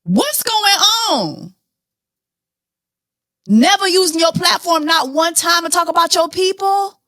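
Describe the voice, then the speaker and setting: A woman hosting a podcast, talking through celebrity news in an animated, blunt, profane way. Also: extremely high pitch, slow, dry recording, studio quality. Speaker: podcast host. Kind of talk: casual celebrity news chat.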